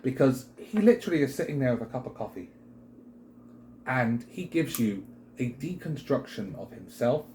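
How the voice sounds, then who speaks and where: A British man's mid-range voice comes at a moderate pace with a touch of hiss or hum as he co-hosts a wrestling chat show. He's casual and animated, wandering off on tangents with many fillers.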